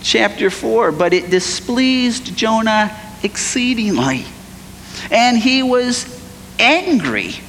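Man, pastor, sermon, animated storytelling, high voice, faint background noise. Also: slow pace. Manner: animated, acts out voices of biblical figures. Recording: long hall reverb, faint noise.

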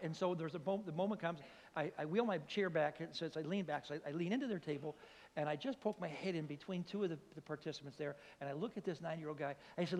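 An older man preaching in a church, telling a comic story with lively acted-out voices. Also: on the high side, fast talker, slight background noise. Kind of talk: storytelling sermon. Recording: long hall reverb.

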